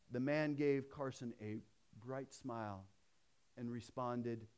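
A man preaching a sermon in a conversational way, swinging between emphatic raised passages and hushed storytelling. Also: mid-range voice, takes it slowly, smooth. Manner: conversational, with restarts and asides. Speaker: pastor.

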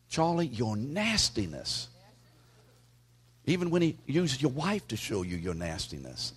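A man preaching a sermon in a conversational way, calling out listeners by name and dropping to a hushed whisper for emphasis. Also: medium pitch, slightly rough. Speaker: pastor.

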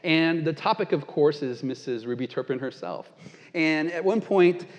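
A man's voice: a little high, expressive, moderate pace, long reverb tail. A male pastor giving a sermon, telling a story in an earnest, conversational way.

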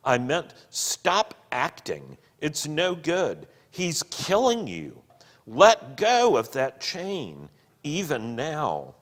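A man's voice: fairly high pitch, huge pitch swings, voice pushed up, full character voice. A man voicing a pleading heavenly lady. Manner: earnest, pleading, slow and emphatic. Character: gentle, radiant heavenly woman pleading with her husband. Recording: long hall reverb.

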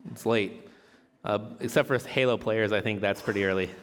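A man's voice: fairly low pitch, moderate pace. Casual preacher man in a reverberant hall. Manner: relaxed, chatty, jokes and laughs while teaching. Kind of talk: casual sermon with scripture reading.

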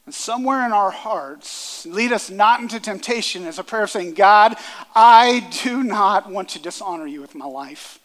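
A man in his thirties preaching a sermon, earnest, rising loud on key lines and dropping soft. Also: high voice. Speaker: pastor. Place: church sanctuary. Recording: long hall reverb.

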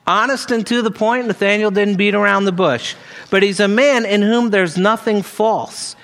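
A preacher with a high-pitched, slightly bright male voice gives a sermon, earnestly teaching through a scripture passage verse by verse. He reads each verse aloud and slips into conversational asides.

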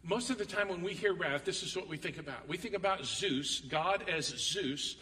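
A man preaching a sermon as pastor, reading scripture dramatically and telling stories with animated, acted-out quotes. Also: high-pitched, normal speed, big-room sound, distant mic.

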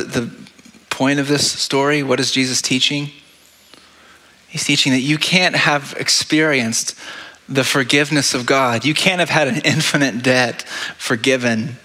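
Earnest male pastor with a bright voice. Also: mid-range voice, fairly even intonation, measured pace. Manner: earnest, with frequent rhetorical questions. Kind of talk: sermon.

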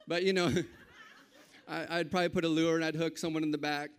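Male pastor with a high voice; conversational sermon that swells into bold declarations. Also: flat delivery, fairly quick, clear, resonant tone.

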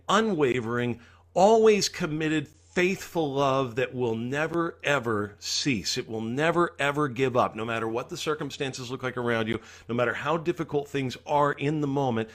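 A man's voice: medium pitch, a bit bright. A man preaching a sermon as pastor, earnestly acting out the psalmist's pleas.

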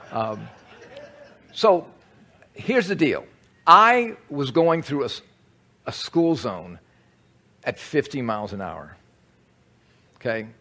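Pastor, male; animated, conversational preaching with plenty of pitch movement. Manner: animated, conversational teaching with audience asides. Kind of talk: sermon.

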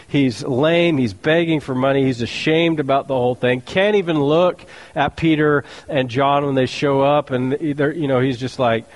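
A man's voice: mid-range voice, normal speed. A man preaching a sermon as a pastor, telling the stories in a casual, joking way with slang.

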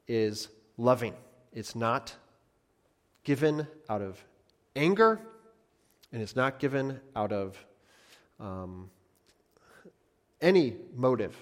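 A man preaching a sermon as a pastor, earnest, often repeating phrases for emphasis and swinging between loud and soft. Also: medium pitch, big-room sound.

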